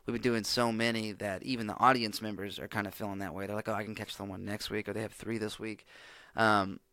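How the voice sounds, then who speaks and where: A man's voice: fairly low pitch, level tone, fast talker, sharp tone, dry recording. A man hosting a solo podcast, chatting casually in a rambling, profane, laid-back way. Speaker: podcast host.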